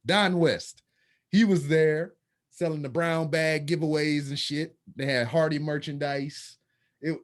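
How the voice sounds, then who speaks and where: A man hosting a podcast, telling stories in casual, profane, animated chat. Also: on the high side. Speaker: podcast host.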